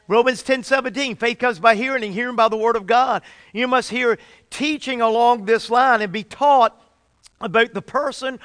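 A man preaching a sermon with fervent emphasis. He often restarts and repeats phrases, and he draws out key words slowly. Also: very high-pitched, fairly bright tone, no echo, studio quality.

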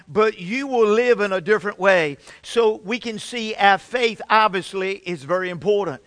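A man's voice: high-pitched, a bit bright, no echo. A middle-aged male pastor preaching a sermon, building emphasis and calling out for amens from the congregation.

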